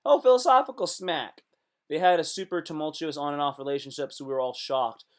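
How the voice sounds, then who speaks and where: A man chatting casually on a live stream, reading comments and reacting with sudden loud outbursts. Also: on the high side, a little fast. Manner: animated, talks to himself and chat, sudden loud outbursts.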